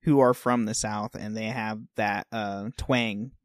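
A podcast co-host in casual chat, talking in an animated way and laughing often, based in the United States. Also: mid-range voice, a little slow, no echo, clean studio sound.

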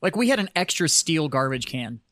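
Casual podcast host, dry close sound. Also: male voice, fairly high pitch, big pitch swings, brisk, fairly bright tone, no room sound. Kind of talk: casual chat.

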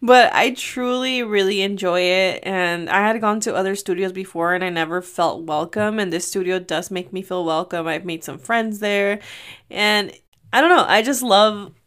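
A woman's voice: medium pitch, normal speed, a bit bright, smooth. A young adult woman hosting a casual solo podcast from her room, telling stories in a chatty way and often laughing. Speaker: podcast host.

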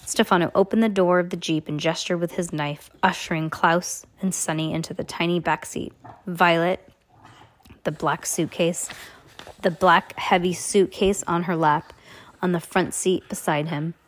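A woman's voice: on the low side, steady tone, moderate pace. A woman reading a children's novel aloud on her podcast, often stumbling and correcting herself and adding chatty asides.

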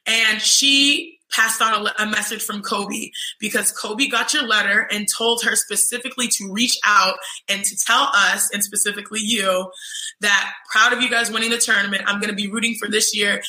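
A young woman telling an animated story in casual chat, acting out other people's voices in quotes. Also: mid-range voice, moderate pace. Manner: lively, mimics voices in quotes, says "you know what I'm saying". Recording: roomy echo.

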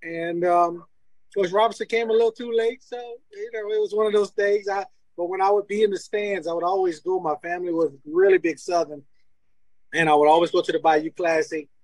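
High-voiced man telling an animated story. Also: a little fast, no room sound, rough recording. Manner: animated, laughs often, acts out quoted dialogue. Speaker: guest, former college football player. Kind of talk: casual storytelling.

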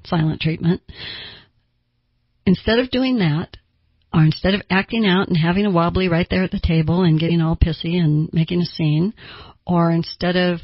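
Casting: woman therapist, husky, calm explainer, dry dull recording. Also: on the low side, no room sound. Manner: calm, explanatory, uses homely examples. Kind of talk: podcast teaching on emotions.

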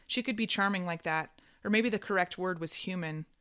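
A woman narrating literary fiction in a measured, wry reading voice. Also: on the low side, sharp tone, clean tone.

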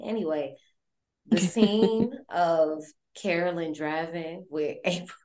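Lively, slangy podcast host woman, low-pitched. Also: takes it slowly, noisy background. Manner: animated, slangy and profane. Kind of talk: casual horror movie recap.

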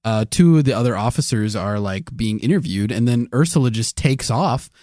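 A relaxed male podcast co-host chatting casually in a mid-range voice. He talks in an easygoing way and laughs readily. The sound is dry and close to the mic. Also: medium pitch, normal speed, no room sound. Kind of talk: casual chat.

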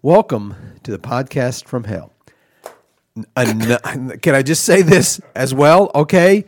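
A man's voice: medium pitch, slow pace. Indignant, sputtering comedy podcast host man. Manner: indignant, sputtering, rambling rants.

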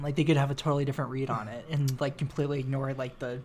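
A man co-hosting a film podcast, talking in a relaxed way with lots of fillers and restarts. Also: medium pitch, racing, slight background noise. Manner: relaxed, hesitant with many fillers. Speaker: podcast co-host. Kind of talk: casual film podcast chat.

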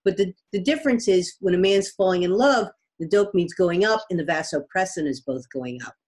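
Woman explaining with lively examples. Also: fairly low pitch, a little fast. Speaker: guest expert, biology professor. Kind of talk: conversational interview.

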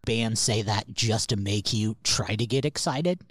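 A man's voice: lowish voice, measured pace, fairly bright tone, no room sound, studio quality. A man co-hosting a podcast, telling rambling anecdotes in casual chat and swearing freely. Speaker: podcast co-host.

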